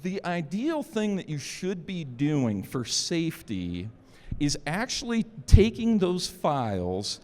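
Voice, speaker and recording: A man's voice: on the high side, big pitch swings, slow pace, a little mellow. A man giving a security conference talk in an informal, joking way. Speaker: conference speaker. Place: conference hall. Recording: long hall reverb.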